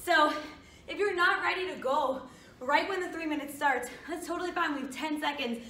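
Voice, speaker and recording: A woman leading a workout in a high voice, still out of breath as she gives encouraging form cues. She is recorded in an echoey studio, some distance from the mic, with faint background hiss. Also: fairly quick, sharp tone. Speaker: fitness coach. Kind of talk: workout instruction.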